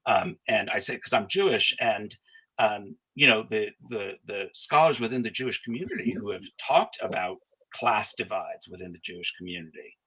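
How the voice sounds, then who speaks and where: Husky, low-voiced middle-aged scholar. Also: male voice, lively intonation, pushed and bright, rough recording. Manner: thoughtful, halting, many restarts and fillers. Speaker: guest scholar. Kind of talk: conversational interview.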